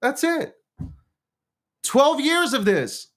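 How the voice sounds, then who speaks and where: A man's voice: very high voice, very animated, extremely slow, fairly bright tone. A man hosting a show, talking in a casual political rant, swearing, laughing often and restarting his words. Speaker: show host.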